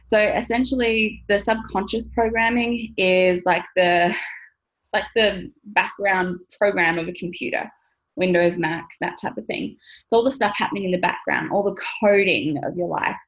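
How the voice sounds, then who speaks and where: A woman's voice: medium pitch, steady tone, moderate pace, fairly bright tone, poor audio. A woman in her thirties, talking casually to camera as a money mindset coach, chatty, laughing often and swearing now and then.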